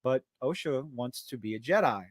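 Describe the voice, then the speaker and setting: A man's voice: medium pitch, lively intonation, moderate pace, no echo, studio quality. A man hosting a live-stream podcast, ranting about a show with heavy swearing and exasperation. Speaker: podcast host.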